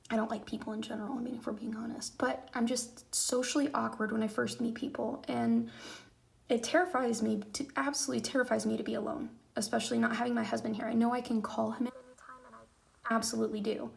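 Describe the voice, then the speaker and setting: A woman's voice: fairly high pitch, level tone, a little fast, vocal fry, darkish tone. A young woman, a military spouse, talking openly and emotionally in a rambling personal vlog with lots of fillers, on lo-fi audio. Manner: open, rambling, emotional talk with many fillers. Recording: lo-fi audio with faint noise.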